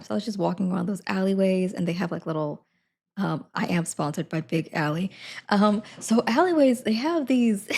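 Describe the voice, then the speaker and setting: A woman's voice: mid-range voice, gravelly, darkish tone, husky. A young woman streaming live from her desk at home, chatting to viewers in a rambling way and laughing often. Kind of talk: casual chat to viewers.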